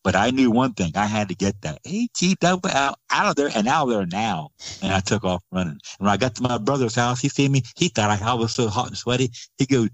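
A man's voice: medium pitch, expressive, fairly quick, few pauses, dry recording. A man telling a long story as a guest, rambling with many restarts and acting out what other people said. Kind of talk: casual storytelling.

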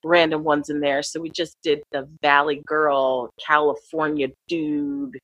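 A woman's voice: sits low, measured pace, slightly rough, no room sound, poor audio. A middle-aged woman who teaches acting and accents, chatting casually and laughing often as she tells stories. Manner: animated, laughs often, slips into quoted voices. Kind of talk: casual conversation.

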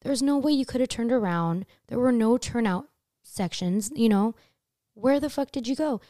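Telling a story at a moderate pace, the young podcast host swears freely and jumps up in pitch as she mimics her own panic. Her animated delivery comes in a mellow, warm voice, recorded dry and close without echo.

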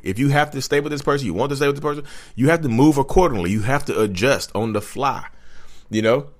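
A man hosting a casual advice vlog, talking straight to viewers, animated and repetitive. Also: mid-range voice. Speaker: channel host.

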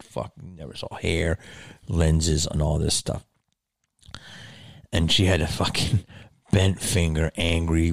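A man's voice: low-pitched, gravelly, no room sound, studio quality. A man doing a profane, emphatic stand-up rant about his schooling and distrust. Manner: profane, emphatic, rising to shouted rants.

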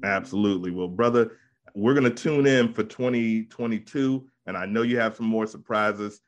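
Hyped-up low-voiced man hosting. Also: moderate pace, highs cut off. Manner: hyped, slangy hype-man delivery. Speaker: podcast host. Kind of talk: casual chat.

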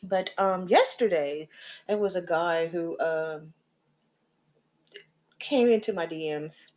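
A woman's voice: fairly low pitch, slow, a little mellow. A middle-aged woman hosting a podcast, telling a story in a chatty, profane way with laughing asides. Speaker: podcast host. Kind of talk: casual storytelling chat.

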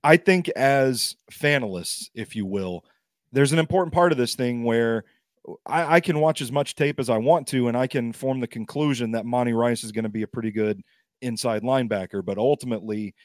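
Filling in as a guest on a sports podcast, a man chats casually about sport in a self-deprecating way while fighting off a cough. His mid-range voice comes at a moderate pace, with clean studio sound and no echo.

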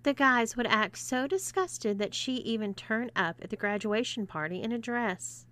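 A woman's voice: on the high side, expressive, normal speed, bright, forceful tone. A woman voicing a playful, mock-sympathetic young woman who jokes. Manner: joking, playful.

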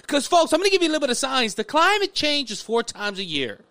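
High, lively commentator man. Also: fast talker, no echo. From Louisiana, USA. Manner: animated, sarcastic, addresses listeners as folks. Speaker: political commentator, podcast host. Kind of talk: opinionated political commentary.

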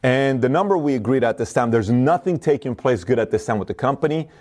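A middle-aged man giving a motivational talk, energetic and repetitive, acting out the voices of people in his stories. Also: mid-range voice, fast, slight background noise. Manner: energetic, acts out quoted voices, repeats himself. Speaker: motivational speaker. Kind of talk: fast motivational monologue to camera.

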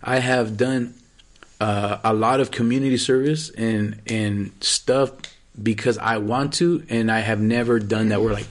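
A young man in a casual podcast chat, relaxed and profane, who likes trying out mock accents. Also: lowish voice, measured pace.

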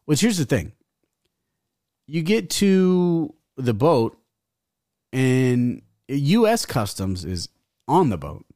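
A man's voice: medium pitch, big pitch swings, slow pace, pauses often, mellow, dry recording, studio quality. A young adult man, a guest rapper, telling a rambling, profane story in casual talk. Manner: profane, rambling, laughs as he talks.

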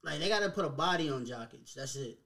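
A man's voice: on the high side, animated, quick pace, vocal fry, sharp tone. A man in casual sports chat, laid-back and slangy, drawing out his phrases as he explains a point.

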